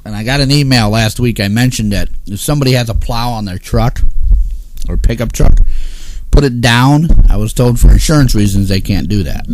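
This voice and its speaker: A man's voice: medium pitch, fairly quick, a little mellow, a little hiss or hum. A man hosting a casual talk show, ranting in an exasperated, grumpy way and swearing often. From Northeastern United States. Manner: grumpy, cursing, exasperated rants. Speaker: host.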